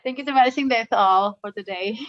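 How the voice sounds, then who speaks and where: A woman's voice: on the high side, moderate pace. Indonesian-accented woman, class discussion leader, hesitant delivery, muffled video call sound. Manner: hesitant, many fillers and restarts. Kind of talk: casual spoken remarks to a class.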